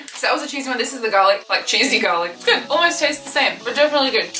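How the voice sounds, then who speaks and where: A young woman with an Australian accent talks her way through a fast-food taste test, chatty and quick to giggle. Her voice is bright and forward. The room echoes, with the mic set back from her. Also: mid-range voice, animated, distant mic, soft background music. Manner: chatty, giggly, thinking aloud. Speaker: food vlogger. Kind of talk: casual food review vlog. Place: bedroom at home.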